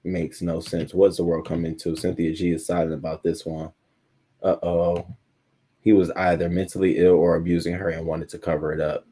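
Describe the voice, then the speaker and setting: Man, low voice, casual live-stream host, blunt, profane, chatty with viewers. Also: flat delivery, moderate pace, dark tone, slightly rough. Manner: blunt, profane, reads viewer comments aloud.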